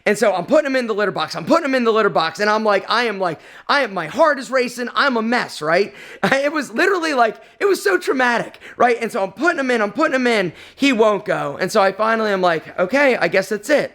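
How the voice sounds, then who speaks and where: Emotional high-voiced man vlogging. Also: lively intonation, fast, a bit bright. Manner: emotional, rambling, many fillers. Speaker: vlog host. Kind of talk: casual personal storytelling.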